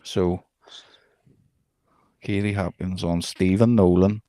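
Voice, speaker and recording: A man's voice: deep voice, steady tone, slow pace, dark tone, no echo. A man, co-hosting a podcast, telling stories in sweary casual banter while hungover. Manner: sweary storytelling, frequent laughs. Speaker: podcast co-host.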